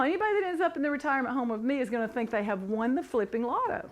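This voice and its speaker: A middle-aged woman giving a motivational talk, telling her story with animated, building excitement. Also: sits high, rapid-fire. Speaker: motivational speaker.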